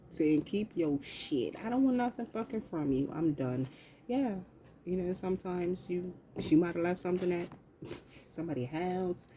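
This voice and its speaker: A woman with a fairly low-pitched voice gives a casual, profane tarot reading, talking loosely to herself as she pulls cards. Background noise can be heard.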